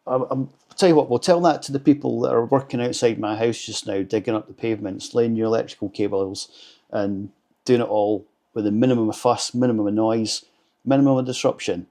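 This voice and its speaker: A man's voice: fairly low pitch, brisk, warm tone. A Scottish man, a vlogger, reading viewer comments aloud in casual chat, with blunt, sarcastic and sweary replies. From Scotland.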